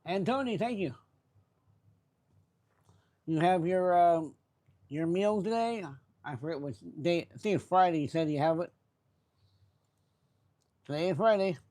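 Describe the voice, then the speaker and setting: A man hosting a live stream in casual chat, greeting viewers by name in a relaxed, chatty way. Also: high voice, measured pace, long pauses. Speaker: livestream host.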